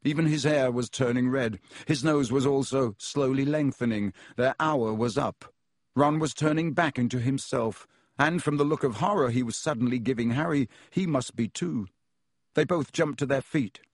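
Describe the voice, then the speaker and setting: Man, audiobook narration, steady storytelling, dry, mid pitch. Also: normal speed, no room sound. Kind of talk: scripted narration.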